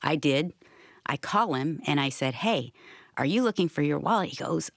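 A woman co-hosting, telling a story in a lively casual chat. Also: deep voice, normal speed, no echo, studio quality. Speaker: co-host.

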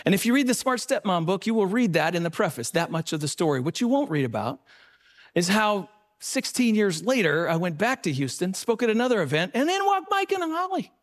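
High-voiced man telling stories to an audience. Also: big pitch swings, brisk. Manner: storytelling, earnest, varies pitch widely. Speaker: speaker at a marriage seminar. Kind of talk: speaking to a live audience.

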